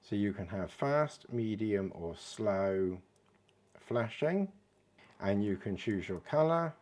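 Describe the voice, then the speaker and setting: A man's voice: lowish voice, lively intonation, takes it slowly, a little mellow. A British man giving a casual watch demonstration, chatty and giggling at his own jokes. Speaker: watch reviewer. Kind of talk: casual product demo.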